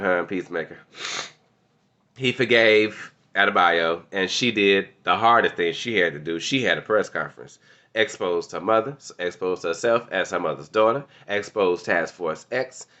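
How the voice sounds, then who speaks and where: A man's voice: low voice, muffled recording. Laughing, slangy man recapping an episode. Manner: excitable, laughs often, slangy and animated. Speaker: TV show reviewer.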